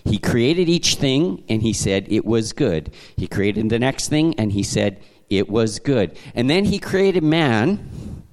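A Canadian pastor delivers a sermon to his congregation, telling stories in an animated, conversational style and often restarting his sentences. His voice is medium in pitch, and he speaks slowly.

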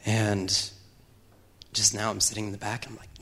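A man from the congregation sharing earnestly and haltingly in front of the church. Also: on the low side, completely flat delivery, a bit bright. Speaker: congregation member. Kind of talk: hesitant personal sharing.

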